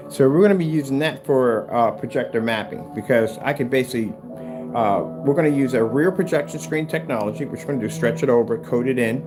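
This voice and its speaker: A man talking casually in a home workshop vlog, rambling and restarting, sometimes raising his voice to scold his cat. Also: medium pitch. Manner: rambling, chatty, restarts often. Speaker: home theater screen maker.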